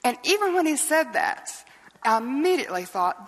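A woman's voice: high voice, very animated, moderate pace, a bit bright. An older woman, a Bible teacher preaching a sermon in an earnest storytelling way, often asking rhetorical questions. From Southeastern US. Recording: long hall reverb.

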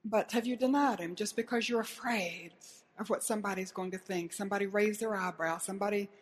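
A woman's voice: medium pitch, a little fast. A woman preaching a sermon in an earnest way, asking her listeners pointed questions and retelling scenes dramatically.

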